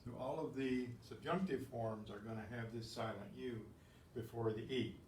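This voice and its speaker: A man teaching a language class, patient and methodical with wry asides, often clearing his throat, on a lapel mic that picks up static. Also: mid-range voice, fairly even intonation, moderate pace, a little mellow, echoey room, distant mic. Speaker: Spanish teacher. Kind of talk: classroom lesson. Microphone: lapel mic that catches his badge.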